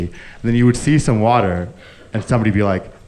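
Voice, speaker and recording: A man's voice: fairly low pitch, fast, slight background noise. A man performing a live stand-up comedy set, telling stories and acting out the people in them. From grew up Indian. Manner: animated storytelling, acting out characters. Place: live comedy stage with audience. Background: audience laughter.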